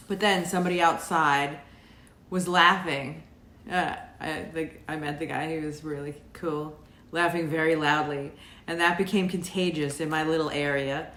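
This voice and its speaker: A woman with a low voice tells her personal journal aloud in an earnest, wondering, reflective way. Her voice rings in an echoey room. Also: a bit bright. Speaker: vlogger recounting a journal.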